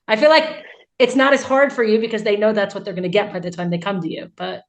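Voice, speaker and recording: A woman's voice: mid-range voice, fairly even intonation, fast. Chatty woman podcast host. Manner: chatty, asks questions with many likes. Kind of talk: casual interview chat.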